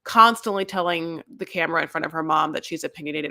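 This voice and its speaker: A woman's voice: sits low, fast, creaky, sharp tone. A woman co-hosting a casual reality show recap, chatty and enthusiastic, full of likes and you-knows. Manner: chatty, lots of fillers, enthusiastic. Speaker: podcast co-host.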